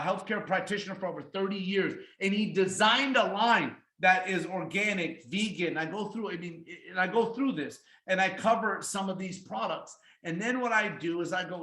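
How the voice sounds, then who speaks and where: A man teaching how to present a sales pitch, emphatic and energetic, acting out his pitch lines with deliberate pauses. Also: echoey room, rough recording. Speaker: sales trainer. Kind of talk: presentation training talk.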